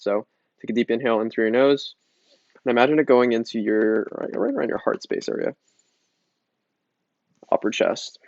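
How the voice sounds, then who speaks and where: A man's voice: mid-range voice, no echo. Casual male yoga teacher, easygoing and joking, dry muffled recording. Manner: relaxed and chatty, jokes around, restarts often. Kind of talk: casual guided breathing lesson.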